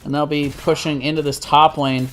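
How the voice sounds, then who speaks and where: A man doing live play-by-play commentary on an esports match, steady with frequent self-corrections. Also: a little high, normal speed, slight background noise. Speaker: esports caster.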